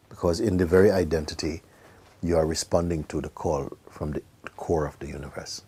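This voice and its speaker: Man, spiritual teacher, deep voice, mellow, gentle, slips into whispers. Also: moderate pace, breathy edge. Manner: gentle, laughs often, drops into whispers. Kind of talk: spiritual talk to a gathering.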